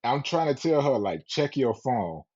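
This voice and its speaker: Man, husky, animated profane storyteller, dull lo-fi sound. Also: mid-range voice, moderate pace. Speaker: podcast co-host. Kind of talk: casual storytelling. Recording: dull lo-fi podcast audio.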